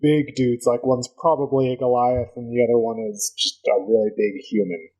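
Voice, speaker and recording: Husky-voiced man running a tabletop game. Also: mid-range voice, steady tone, normal speed, dark tone, low-quality recording. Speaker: game master.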